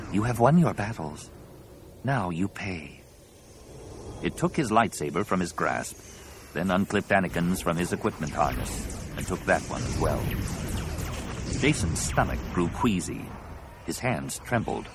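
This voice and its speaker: A man with a very deep voice narrates an audiobook, his delivery swinging widely in pitch. His reading is dramatic and expressive. A clear hiss runs behind the recording.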